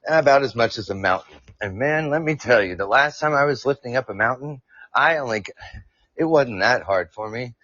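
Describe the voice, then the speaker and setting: A man's voice: medium pitch, animated, normal speed, fairly bright tone, no room sound, lo-fi sound. A man hosting a podcast livestream, reading science notes casually with stumbles and joking asides, speaking into earphones. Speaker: podcast host. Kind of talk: casual live-stream science talk. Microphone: earphone mic.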